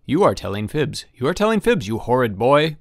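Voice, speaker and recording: A man voicing an irritable, tired middle-aged father in a storybook reading, curt and quick to scold. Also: medium pitch, sing-song, dry recording, clean studio sound. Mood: angry, scolding. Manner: curt, testy.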